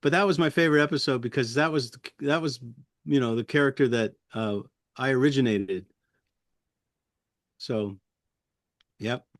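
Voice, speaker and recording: A middle-aged man, a puppeteer guest, reminiscing in an interview with a friendly, chuckling manner and many pauses. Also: medium pitch, dry recording, clean studio sound. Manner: friendly, chuckling, halting with fillers.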